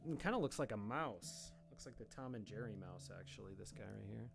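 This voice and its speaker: A man streaming his drawing session live, thinking aloud in a relaxed, self-deprecating way as he works. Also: fairly low pitch, a little fast, creaky. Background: guitar music.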